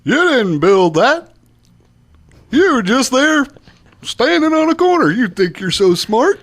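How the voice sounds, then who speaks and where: A man's voice: very high voice, sing-song, unhurried, a bit bright, pitched above the performer's own voice, full character voice. A man doing a mocking impression of a lecturing male politician on a political talk show.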